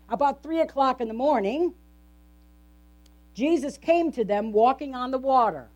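A woman's voice: fairly high pitch, expressive, normal speed, a little mellow. A woman pastor delivering a conversational sermon in a church, often asking the congregation questions. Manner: conversational, asks the congregation frequent rhetorical questions.

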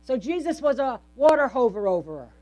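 In a high-pitched, sing-song voice that's a little fast and a little mellow, a woman pastor preaches a conversational sermon in church. She frequently asks the congregation rhetorical questions.

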